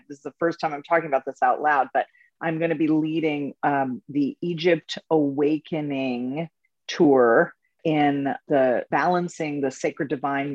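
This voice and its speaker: A woman spiritual coach and tour leader telling stories in a casual interview, animated and laughing often. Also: deep voice, no room sound, highs cut off.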